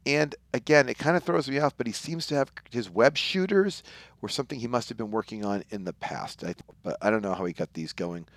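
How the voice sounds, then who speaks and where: A man's voice: medium pitch, brisk, dry recording. A man co-hosting a casual talk show, retelling a comic book plot and briefly acting out the characters' lines. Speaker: podcast co-host.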